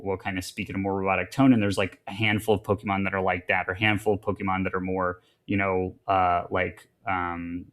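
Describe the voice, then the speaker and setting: A man chatting casually as a podcast co-host, rambling with many fillers and restarts. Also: lowish voice. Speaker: podcast co-host reviewing a game.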